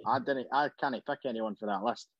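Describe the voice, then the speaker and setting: A man's voice: medium pitch, a little fast, no echo, muffled recording. A Scottish man co-hosting a football podcast, laid-back and blunt in his banter. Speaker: podcast co-host. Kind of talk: casual football podcast chat.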